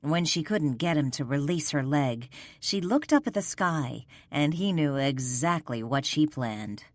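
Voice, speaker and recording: A woman narrating a paranormal romance audiobook in a measured, expressive storytelling manner. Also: deep voice, dry recording, clean studio sound. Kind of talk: scripted narration.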